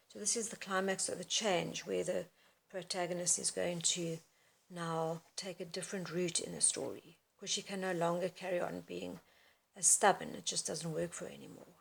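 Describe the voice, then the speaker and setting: A woman's voice: on the low side, fairly even intonation, normal speed, gravelly, breathy edge. A woman, a teacher explaining how to read a story aloud with expression. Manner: explains expressively, then reads passages aloud. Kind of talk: reading-aloud lesson.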